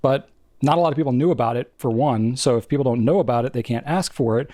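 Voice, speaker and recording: A man's voice: mid-range voice, fast talker, mellow, dry recording, clean studio sound. A man co-hosting a podcast, chatting casually and thinking aloud with frequent restarts. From New England. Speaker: podcast co-host. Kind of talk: casual chat.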